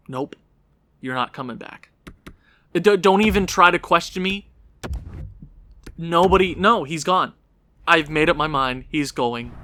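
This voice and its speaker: A man commentating his own hockey video game session, swinging into frustrated yelling at his goalie. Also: on the high side. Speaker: gaming YouTuber.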